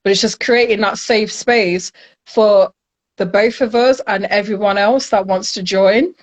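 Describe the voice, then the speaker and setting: A woman's voice: mid-range voice, steady tone, unhurried, poor audio. A woman with a Nottingham accent co-hosting a podcast, chatting casually, playful and laughing often, swearing freely. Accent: Nottingham English. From England. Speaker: podcast co-host. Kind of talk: casual chat.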